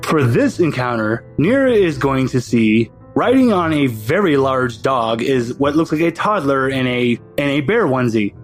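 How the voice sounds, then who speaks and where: A man running a tabletop game as game master, animated and laughing often. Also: mid-range voice, moderate pace, few pauses, faint music behind.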